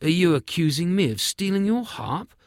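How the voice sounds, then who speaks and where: Guy doing a bossy hot-headed fairy tale king, loud and high, dry sound. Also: expressive, no echo. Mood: indignant. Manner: loud and commanding, quick to anger. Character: stern, hot-tempered human king, grown man.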